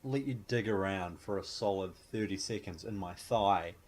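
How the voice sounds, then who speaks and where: A man's voice: sits low, moderate pace, a little mellow. A young man hosting a podcast, chatting casually and jokingly about an old TV episode. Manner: joking, acts out quoted lines in silly voices. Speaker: podcast host. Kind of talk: casual chat recapping a show.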